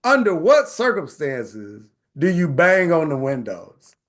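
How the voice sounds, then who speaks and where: Animated man telling family stories. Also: fairly high pitch, slow pace. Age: 40s. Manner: animated, repeats phrases, says "right?" often. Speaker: host. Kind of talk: casual storytelling to a live online audience.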